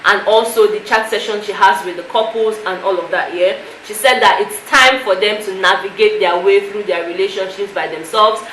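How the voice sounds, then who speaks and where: A woman's voice: medium pitch, normal speed, few pauses, fairly bright tone. A woman recapping a reality show to camera in a chatty, emotional way, full of "you know" fillers. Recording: echoey room with faint noise.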